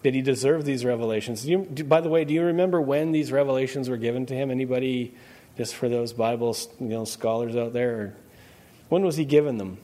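Pastor guy, mid-pitched voice, laid-back sermon, keeps asking the crowd questions. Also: fast, mellow. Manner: conversational preaching, quizzes the congregation with questions.

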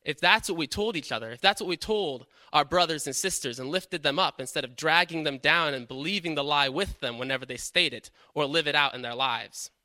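An earnest male preacher whose voice is very bright and sits a little high. He talks through his points with questions and frequent "right?" check-ins, recorded close and dry with no room sound. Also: brisk, few pauses, dry recording. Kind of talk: sermon.

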